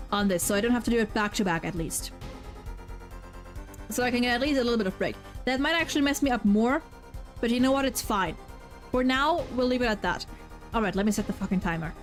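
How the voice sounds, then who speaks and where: Young woman streamer, slightly high pitch, loose and profane, repeats words while thinking aloud; soft game music underneath. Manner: swears freely, stammers and repeats words. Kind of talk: casual gaming commentary while voicing game dialogue.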